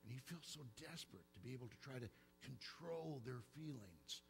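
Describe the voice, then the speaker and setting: A middle-aged man with an Oklahoma accent, preaching a sermon in church, telling stories in an animated way. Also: medium pitch, a little fast, hardly any pauses, a little hiss or hum, poor audio. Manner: storytelling, animated, acts out childhood fear. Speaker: pastor. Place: church sanctuary.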